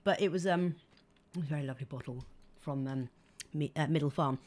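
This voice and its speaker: A woman's voice: sits low, a little fast, darkish tone. A woman raised in Saudi Arabia, chatting as a guest on a casual show, rambling and giggly and a little tipsy. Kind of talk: casual chat.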